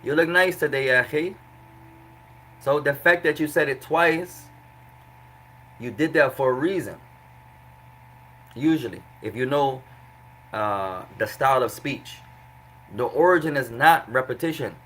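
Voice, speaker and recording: Bright-voiced man teaching a grammar class. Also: mid-range voice, expressive, measured pace, long pauses, a little hiss or hum, low-quality recording. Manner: explains patiently with repeated examples. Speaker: Arabic teacher.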